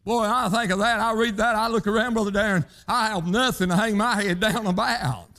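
A man preaching with a very high, bright, ringing voice. He drives his sermon in rhythmic bursts and keeps calling out "hey" and "huh" to the congregation. His speech is plain and down-home. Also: steady tone, a little fast.

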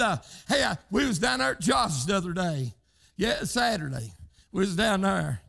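Gravelly older preacher man. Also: high voice, moderate pace. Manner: punctuates lines with "hey", breaks into shouts. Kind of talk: fervent sermon.

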